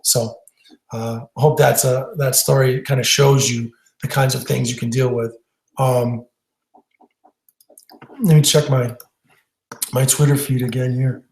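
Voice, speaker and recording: A man's voice: medium pitch, little pitch movement, unhurried, long pauses. A man teaching stage hypnosis in a webinar, telling a story in a conversational way with fillers and restarts. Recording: roomy echo.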